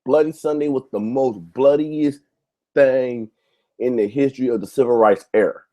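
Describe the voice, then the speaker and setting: A man's voice: medium pitch, steady tone, normal speed, dark tone. Heated, profane man ranting on his show. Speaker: YouTube show host. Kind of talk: ranting monologue to camera.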